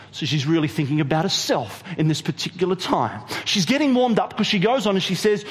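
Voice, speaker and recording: A man preaching a sermon, retelling a story in an animated way and asking the audience questions. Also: high-pitched, fast, long reverb tail. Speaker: pastor.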